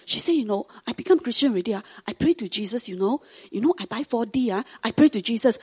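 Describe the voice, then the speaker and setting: Woman, husky and lively, giving a testimony in a sermon. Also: fairly high pitch, brisk, hardly any pauses. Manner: animated, acts out quoted voices.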